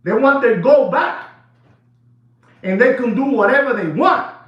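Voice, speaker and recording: A watch dealer rants to the camera in a high, lively voice, repeating his points over and over and slipping into Spanish phrases. The sound is dull and lo-fi. It echoes hard off the walls of the room. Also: unhurried. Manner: animated, repetitive, switches into Spanish phrases. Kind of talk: excited casual rant to camera.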